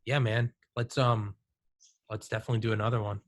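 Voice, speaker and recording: His pitch is fairly low and his delivery fairly quick as this thirtysomething host chats casually on his podcast. The stories come out animated, with "dude" and "like" all over them.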